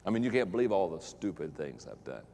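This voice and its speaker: Lively low-voiced pastor in a hall. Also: male voice, quick pace, gravelly. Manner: animated, self-mocking storytelling, with repeated words and exclamations. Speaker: pastor and leadership speaker. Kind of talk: humorous live talk to an audience. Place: large hall with an audience.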